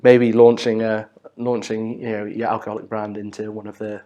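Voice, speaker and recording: A man co-hosts a business podcast with a somewhat low voice. He talks in a relaxed, joking way and throws in examples as he goes. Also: normal speed, highs cut off. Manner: easygoing, joking, adds examples. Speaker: business advisor, podcast co-host. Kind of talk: casual conversational podcast chat.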